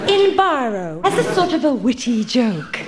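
A woman lectures primly in a high, lively voice, taking her time over each line. Audience noise can be heard clearly in the background. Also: normal speed, over a noisy crowd. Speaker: sketch performer. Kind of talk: mock-serious scripted narration.

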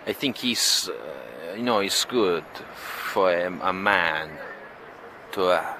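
A man doing a slow, halting passer-by. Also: sits low, expressive, gravelly, background noise, pitched below the performer's own voice, full character voice. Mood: groping. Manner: halting, groping for words.

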